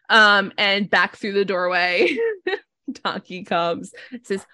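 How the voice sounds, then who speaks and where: A woman's voice: mid-range voice, fairly even intonation, slow, sharp tone, clear, resonant tone, no room sound, studio quality. A woman narrating a tabletop game as game master, loose and full of fillers.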